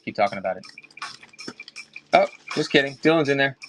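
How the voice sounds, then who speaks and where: A man's voice: medium pitch, animated, brisk, pauses often, background noise. A man chatting casually with viewers during a live auction stream, rambling and addressing them by name.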